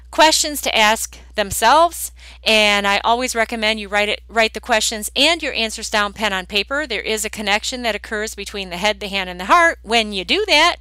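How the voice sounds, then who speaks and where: A woman's voice: fairly high pitch, pushed and bright, smooth, no room sound. A woman hosting her own podcast as a weight loss coach, talking bluntly and directly in a sing-song way. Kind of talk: direct solo podcast talk.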